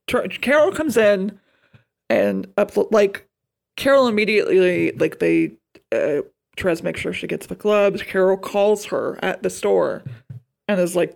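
Woman co-host, casual film chat, gravelly fry, salty and animated. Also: mid-range voice, measured pace. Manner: animated, swearing, exaggerated disgust. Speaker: podcast co-host.

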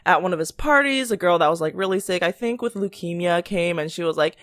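On the low side but a bit bright, her voice is lively in intonation and fast. This young woman co-hosts a laid-back podcast, chatting through stories peppered with "like," voicing other people's words, and laughing plenty.

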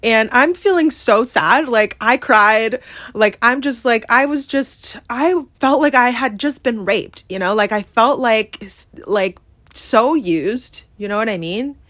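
A woman's voice: fairly high pitch, unhurried, a bit bright, no echo, studio quality. A woman hosting a podcast, telling a personal story in a candid, emphatic way full of swearing and "like". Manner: emphatic and profane, heavy use of "like" and "yeah?". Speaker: podcast host.

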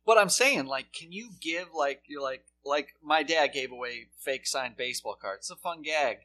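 Lively, swearing man joking around. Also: moderate pace. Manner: profane, jumps into high put-on voices for bits. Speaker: podcast co-host. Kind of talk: casual comedic banter.

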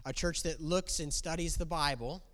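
A man's voice: fairly high pitch, moderate pace, fairly bright tone. A man preaching a sermon as pastor, talking conversationally and asking the congregation questions. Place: church. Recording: long reverb of a church hall.

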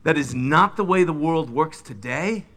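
A middle-aged man preaching a sermon, retelling biblical scenes with lively, dramatic delivery. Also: on the high side, normal speed. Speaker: pastor.

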